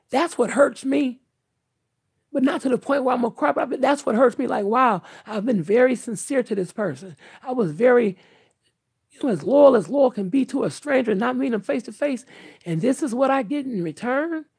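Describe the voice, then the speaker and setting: A woman's voice: a little high, gravelly, a little mellow, slightly rough, no echo. An older woman talking candidly to her viewers in an earnest, emphatic, outspoken way. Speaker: vlogger.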